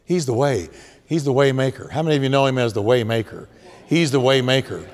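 A man's voice: mid-range voice, a little fast. A male pastor delivering a sermon, emphatic and repetitive, in a church sanctuary. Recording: long hall reverb.

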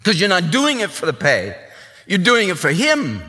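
A man preaching a sermon as pastor, emphatic and animated. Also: high voice, normal speed, big-room sound.

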